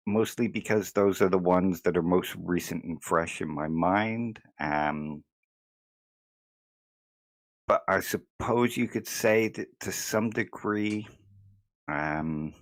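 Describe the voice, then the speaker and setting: A man as a guest in a casual chat, going off on tangents and swearing. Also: sits low.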